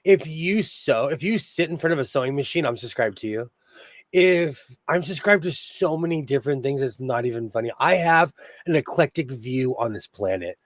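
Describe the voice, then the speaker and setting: A man's voice: mid-range voice, expressive, normal speed, no echo. Chatty Minnesotan-sounding man, dry sound. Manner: chatty storyteller who laughs often. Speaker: sewing channel host. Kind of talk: casual livestream chat. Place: home sewing room.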